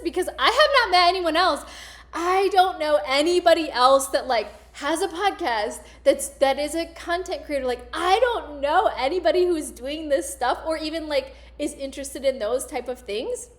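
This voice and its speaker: Brief: bubbly woman host with a bright, high voice, rambling through a comic story. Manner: animated, rambling, laughs often. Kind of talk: casual comedic storytelling.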